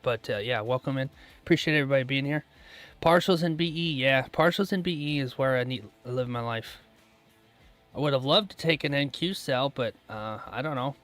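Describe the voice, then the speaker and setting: A man running a day-trading live stream, chatting casually and answering viewers' comments aloud, relaxed and quick to laugh. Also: mid-range voice, faint music behind. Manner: relaxed, laughs often, trails off mid-thought.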